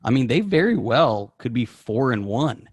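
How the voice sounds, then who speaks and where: A man's voice: medium pitch, big pitch swings, moderate pace, breathy edge, no echo. A man with a mid-range voice talks through a sports schedule in a casual podcast, rambling and full of hesitations. His voice is dry and close to the mic. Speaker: co-host.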